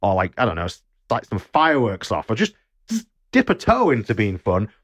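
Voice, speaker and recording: A man with a low voice talks over a film in an animated way, swearing and acting out the scenes. The sound is dry and close. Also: brisk, husky, no room sound. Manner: animated, swearing, acts out lines. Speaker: podcast co-host. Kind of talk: casual film review chat.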